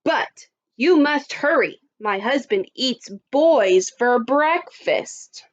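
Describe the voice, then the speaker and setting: A woman playing the giant's hurried wife. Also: high-pitched, lively intonation, highs cut off. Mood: urgent.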